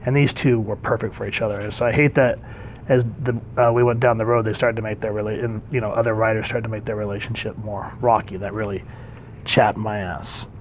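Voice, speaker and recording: A man casually reviews a comic book, sounding conversational and enthusiastic, with frequent ums. His voice is on the low side and flat, a little fast, with slight background noise.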